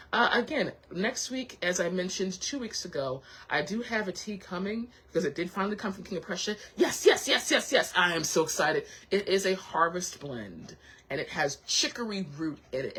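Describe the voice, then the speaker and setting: A woman's voice: medium pitch, a bit bright, slight background noise, rough recording. A woman hosting a casual motivational chat, encouraging and heartfelt, who thinks aloud with frequent restarts and repeats her reassurances. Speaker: host.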